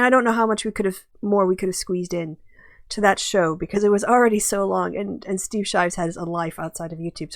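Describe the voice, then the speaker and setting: A woman's voice: mid-range voice, no echo, clean studio sound. A woman hosting a casual video commentary, chatty and often breaking into laughter. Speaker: host.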